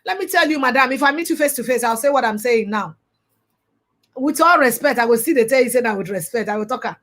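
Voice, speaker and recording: A woman's voice: on the high side, animated, fast, fairly bright tone. A young Nigerian woman with a Nigerian accent giving a passionate, preachy commentary monologue, slipping into pidgin now and then. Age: young adult. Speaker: vlogger.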